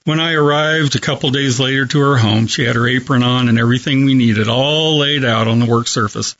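Man, hospice chaplain guest, earnest storyteller, mid-range voice, muffled lo-fi audio. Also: mid-range voice. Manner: gentle, earnest, measured storytelling. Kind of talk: storytelling in a talk show interview. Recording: dull lo-fi broadcast audio.

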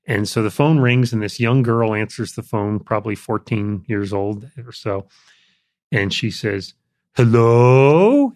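Gravelly older man telling a story. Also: lowish voice, dry recording, studio quality. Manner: relaxed, reflective, frequent fillers. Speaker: interview guest. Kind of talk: conversational storytelling.

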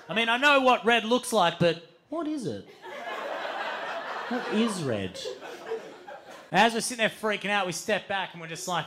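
A man telling a live comedic story on stage, swearing freely and acting out other people with sudden shouted outbursts. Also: sits high, expressive, fairly quick. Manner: swears a lot, acts out voices with shouted outbursts. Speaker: stand-up storyteller. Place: live stage before an audience.

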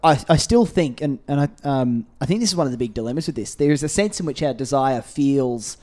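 A man with a mid-range voice hosts a podcast conversation. He reflects out loud, pausing and restarting as he works through his thoughts. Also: medium pitch, expressive. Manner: reflective, thinks aloud with restarts. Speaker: podcast host.

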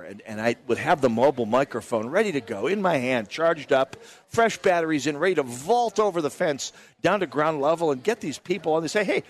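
A man hosting a live talk radio show from an outdoor state fair booth, telling stories in a chatty way with many restarts and asides. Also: on the high side. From Minnesota. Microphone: broadcast mic with headphones.

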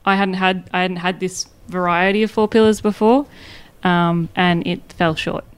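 A woman's voice: fairly low pitch, steady tone, moderate pace, clean tone. A woman co-hosting a podcast in casual chat, hesitant, with many ums and restarts. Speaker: podcast co-host.

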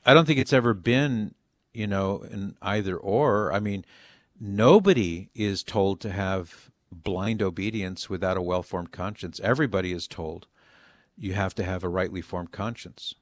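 A man hosting a call-in show, answering a caller with measured, deliberate reasoning and frequent restarts. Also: sits low, no echo, clean studio sound. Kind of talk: call-in advice on faith.

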